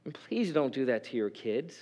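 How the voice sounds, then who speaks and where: A man's voice: medium pitch, normal speed. A man preaching a sermon as pastor, talking in an earnest, conversational way with frequent restarts and open emotion. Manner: emotional, openly expressive.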